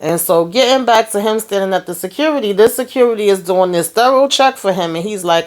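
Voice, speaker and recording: A woman's voice: mid-range voice, brisk, few pauses, a little mellow. A woman hosting a casual TV review, chatting through an episode recap and quoting characters with shifts in her voice. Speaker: TV review host.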